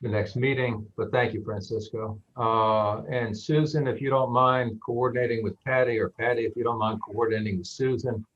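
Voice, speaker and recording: A man's voice: medium pitch, steady tone, normal speed, few pauses, fairly bright tone. Man chairing a board meeting. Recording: dull audio with faint noise.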